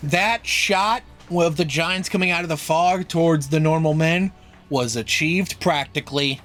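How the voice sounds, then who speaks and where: Higher-voiced man chatting about films. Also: unhurried, fairly bright tone, soft background music. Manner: shares fun facts, swears freely, laughs. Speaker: podcast co-host. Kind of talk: casual film discussion.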